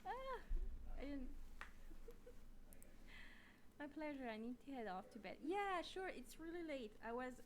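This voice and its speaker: Bubbly French woman, high lively voice. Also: brisk, hardly any pauses. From France. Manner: bubbly, giggly, reads chat aloud. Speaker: illustrator streaming on Twitch. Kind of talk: casual livestream chat. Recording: loud keyboard typing noise behind.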